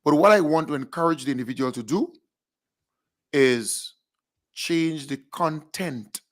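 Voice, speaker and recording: A man co-hosting a live online talk show, chatting easily with pauses and asides. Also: on the high side. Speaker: co-host. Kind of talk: casual live chat.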